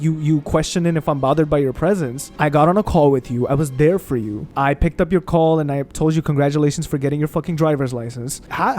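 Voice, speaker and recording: A young man, a gaming streamer, telling stories in an expressive, profane, animated way over his gameplay, speaking into a desk condenser mic at home. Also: on the high side. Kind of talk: casual storytelling over gameplay.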